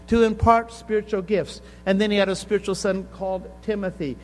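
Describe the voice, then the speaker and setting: A man's voice: high-pitched, fairly even intonation, brisk, few pauses, darkish tone. An older man preaching a sermon at a conference, telling a story that builds to intense emphasis. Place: conference hall. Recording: reverberant hall with faint hum.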